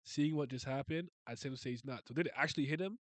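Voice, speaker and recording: A webcomic reaction host, a man with a medium-pitched voice, talks fast with no echo. His casual commentary is an exasperated rant full of exclamations and stammered restarts.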